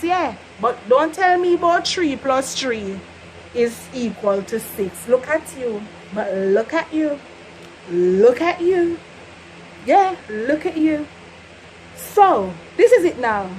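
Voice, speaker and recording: A woman's voice: sits high, animated, slow pace, a little hiss or hum, poor audio. A Jamaican woman with a casual, playful way of talking, teaching patois in a vlog and often laughing. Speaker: vlogger.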